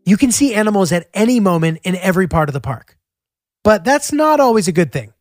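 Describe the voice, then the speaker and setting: A man's voice: sits high, very animated, fairly quick, darkish tone, no echo. Chatty young man over music. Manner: chatty, easygoing, with filler words. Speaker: travel vlogger. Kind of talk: casual travel narration.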